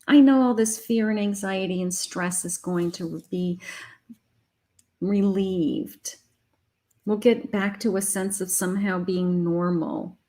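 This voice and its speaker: A middle-aged psychic gives her viewers a live tarot reading, emotional and uplifting, repeating affirmations. Her medium-pitched voice is mellow and slow.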